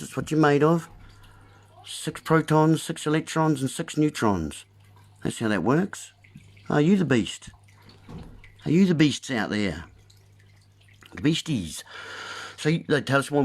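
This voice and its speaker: A man's voice: mid-range voice, a little mellow. Folksy man ranting on a livestream. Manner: folksy, preachy, drawn-out asides to viewers. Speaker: livestream host. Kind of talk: rambling wordplay monologue.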